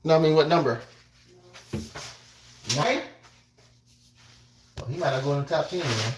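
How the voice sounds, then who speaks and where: A man's voice: on the high side, unhurried, background noise. A man vlogging as he cooks, chatting casually to his viewers and rambling, repeating phrases, talking slangy. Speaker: cooking vlogger.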